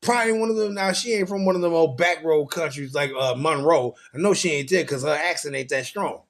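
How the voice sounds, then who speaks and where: A man preaches from scripture in a crude, profane style, firing off rhetorical questions and building into loud, high-pitched bursts. He talks a little fast.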